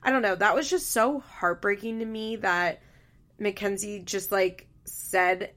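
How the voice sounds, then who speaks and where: A woman's voice: medium pitch, normal speed, gravelly, a bit bright. A woman giving casual, blunt commentary on a reality show, swearing often and sharing her opinions.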